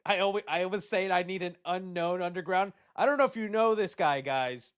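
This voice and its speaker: A man's voice: high voice, fairly quick, clear, resonant tone. A young man hosting a live stream in casual chat, joking and answering chat questions. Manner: animated and joking, reads chat aloud. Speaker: host.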